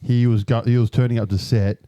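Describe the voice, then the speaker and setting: A man's voice: medium pitch, flat delivery, brisk, mellow, dry recording. A man co-hosting a podcast in casual chat, blunt and dismissive, swearing freely. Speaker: podcast co-host.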